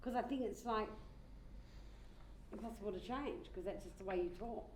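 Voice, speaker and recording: A woman's voice: medium pitch, normal speed, darkish tone, lightly acted. A woman playing a frustrated coworker in a mediation role-play, blunt and exasperated as she explains her grievance. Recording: roomy with faint crowd and noise.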